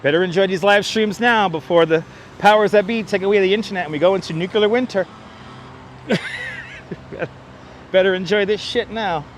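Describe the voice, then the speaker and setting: A man with a fairly high voice chats casually while walking outdoors. He thanks viewers and tosses off jokey asides into a wireless clip-on mic. Faint city traffic hums in the background. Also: moderate pace, long pauses. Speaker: livestreamer. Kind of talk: casual live vlog chat. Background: traffic and city ambience.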